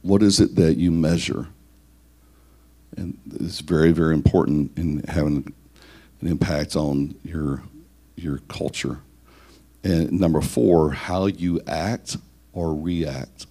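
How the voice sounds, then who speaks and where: A man with a very low, deep voice gives a leadership teaching talk to church leaders. He counts off his points one by one. He poses questions to his listeners and often repeats a word as he goes. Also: takes it slowly, long pauses, dark tone. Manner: lists numbered points, asks rhetorical questions, repeats words.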